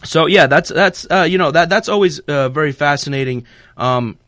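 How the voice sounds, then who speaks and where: A man's voice: fairly high pitch, moderate pace, fairly bright tone, dry recording. A man hosting a radio show, chatting casually and rambling with lots of fillers and restarts. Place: radio studio. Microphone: studio microphone.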